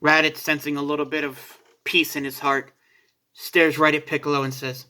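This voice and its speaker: A man's voice: fairly high pitch, level tone, normal speed, sharp tone. A man narrating a fan story in a casual, informal way, sometimes correcting himself mid-sentence.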